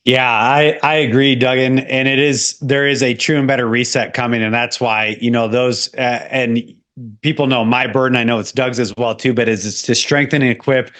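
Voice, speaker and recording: A man's voice: mid-range voice, steady tone, normal speed, a bit bright. A man speaking as a podcast guest in a fervent, preaching style, quoting scripture often.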